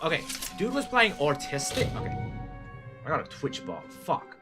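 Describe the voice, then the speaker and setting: A young Australian man chatting casually with his viewers while playing a game on a live stream, rambling, swearing and getting excited. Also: fairly high pitch, moderate pace. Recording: music playing behind the voice.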